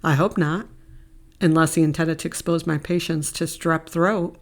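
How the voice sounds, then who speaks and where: A woman's voice: deep voice, fairly even intonation, normal speed. A woman voicing an easygoing Australian man who banters and jokes. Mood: friendly, joking.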